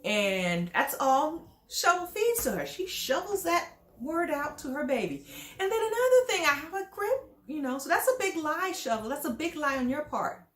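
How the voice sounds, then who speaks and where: A woman's voice: high voice, big pitch swings, moderate pace. A woman giving casual reality TV commentary, sassy and scolding as she talks straight at the people she judges. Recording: echoey room.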